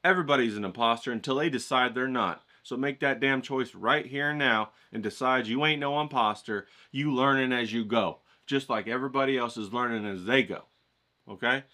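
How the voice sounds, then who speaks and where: Bright-voiced profane man ranting. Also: medium pitch, brisk. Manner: folksy, profane, preachy. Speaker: art streamer. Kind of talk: casual motivational rant.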